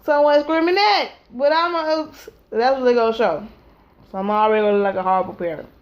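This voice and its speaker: A woman with a high voice tells a rambling, comic story at home. She is animated and breaks into silly voices and sound effects as she acts out each scene. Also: brisk, dull audio. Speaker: vlogger and mother. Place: home at her child's naptime.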